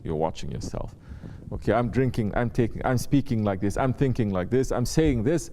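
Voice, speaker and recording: A man's voice: medium pitch, lively intonation, normal speed, dark tone, slight background noise. A man giving a spiritual talk to his students as their Sufi teacher. He repeats his points and often checks in with short questions to the room. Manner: repetitive, checks in with rhetorical questions.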